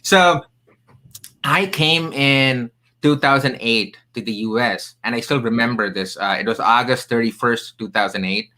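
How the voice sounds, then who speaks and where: Bright-voiced man telling stories, accented. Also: medium pitch, unhurried, low-quality recording. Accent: non-native English accent. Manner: animated, emphatic storyteller with jokey asides. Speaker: podcast guest, career coach. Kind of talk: storytelling in a casual interview.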